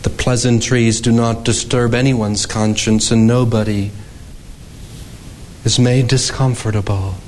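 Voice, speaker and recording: A man preaching a sermon as pastor, slow and emphatic, his voice climbing high when he quotes scripture. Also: fairly even intonation, darkish tone, slight background noise, low-quality recording.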